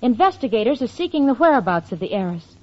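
An actress playing a sensible young working woman in a 1940s radio comedy, brisk and patient. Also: fairly high pitch, sing-song. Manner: brisk, patient, slightly stammering. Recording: lo-fi old radio recording.

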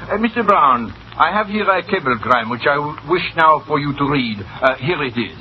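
Male actor as a scheming cafe manager, theatrical, swings from purring to yelling; muffled vintage radio. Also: a little high, lively intonation, normal speed, noisy background, close to an everyday voice. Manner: theatrical, swings from sly purring to shouted insults. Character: scheming excitable male cafe manager, bullying his cashier. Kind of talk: 1940s radio acting. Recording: muffled old radio recording.

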